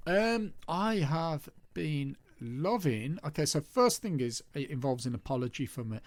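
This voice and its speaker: A man's voice: fairly high pitch, lively intonation, a little slow, no room sound. Joking middle-aged man, dry sound. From Birmingham, England. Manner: jokey, rambling, swears casually. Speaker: podcast host. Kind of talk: casual chat.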